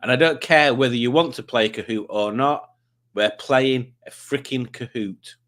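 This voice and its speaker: A man's voice: medium pitch, moderate pace, fairly bright tone. Male stream host; rambling, self-mocking banter, casual and jokey. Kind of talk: casual livestream chat.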